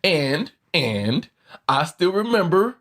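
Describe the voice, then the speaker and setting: A man's voice: sits high, takes it slowly. Man, 30s, podcast host, easygoing conversational interviewer. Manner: relaxed and easygoing, often laughing. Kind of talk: casual interview chat.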